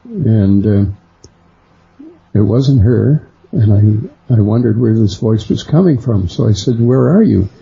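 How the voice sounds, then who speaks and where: A middle-aged man, a guest on a radio interview, slowly recounting a personal experience and lifting his voice for the people he quotes. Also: creaky, dark tone, a little hiss or hum. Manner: unhurried storyteller who acts out quoted voices higher. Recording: dull lo-fi sound.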